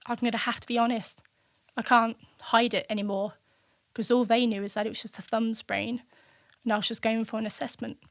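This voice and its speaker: Candid woman recounting her story, flat pitch. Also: fairly quick, no room sound, clean studio sound. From United Kingdom. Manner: candid, reflective, acts out remembered dialogue. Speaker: podcast guest, military veteran. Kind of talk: personal storytelling in an interview.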